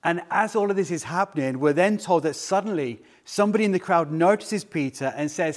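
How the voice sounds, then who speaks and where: A middle-aged man preaching a sermon as a pastor, retelling a story in earnest and slowing down for emphasis. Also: on the high side. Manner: earnest storytelling with quoted dialogue and slowed emphasis.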